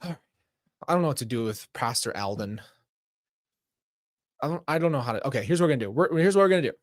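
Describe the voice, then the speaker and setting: A man live-streaming as he reads an interactive mystery story aloud, excitable, breaking off to laugh and react. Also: mid-range voice, quick pace, no room sound, clean studio sound. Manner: excitable, laughing and reacting between read passages.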